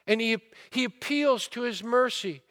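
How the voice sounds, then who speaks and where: Male pastor, sermon, very high voice, slow deliberate delivery, rhetorical questions, growing fervor. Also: fairly bright tone. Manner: rhetorical questions, retelling a parable with rising fervor.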